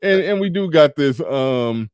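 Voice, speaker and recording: A man's voice: on the high side, expressive, measured pace, darkish tone, clean tone, dry recording, clean studio sound. A man hosting a casual livestream, talking bluntly and profanely with laughs and sarcastic asides while reading viewer super chats. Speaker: livestream show host.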